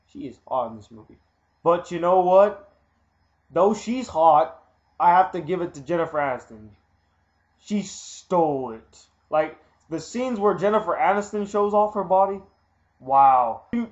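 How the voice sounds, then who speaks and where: Blunt, candid man reviewing a movie. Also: a little high. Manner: blunt, candid, repeats himself for emphasis. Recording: muffled lo-fi recording.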